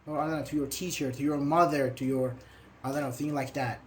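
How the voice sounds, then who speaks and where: A man teaching an online grammar class, explaining slowly with everyday examples, repeating phrases and acting out short quotes. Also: mid-range voice, fairly even intonation, a little hiss or hum. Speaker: English teacher.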